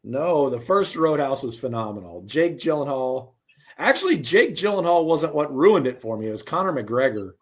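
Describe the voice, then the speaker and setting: A man's voice: mid-range voice, very animated, normal speed. A man co-hosting a podcast, bantering with dry jokes in casual chat. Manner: wry, jokey banter. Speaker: podcast co-host.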